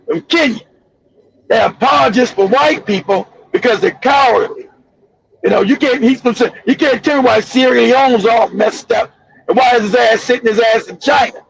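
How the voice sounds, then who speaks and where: High raspy gravelly man ranting. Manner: mocking, insulting, repetitive. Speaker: show host. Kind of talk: heated casual commentary. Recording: dull lo-fi dry audio.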